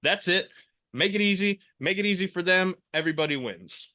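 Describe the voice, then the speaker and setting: A man's voice: high voice, brisk, bright, forceful tone. A man speaking as a guest on a casual webinar, upbeat and encouraging.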